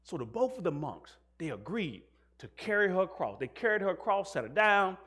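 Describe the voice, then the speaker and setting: A man's voice: high-pitched, sing-song, brisk, pushed and bright, slightly rough. A male pastor preaching a sermon, asking the congregation questions and mixing in jokes. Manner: call-and-response questions to the congregation.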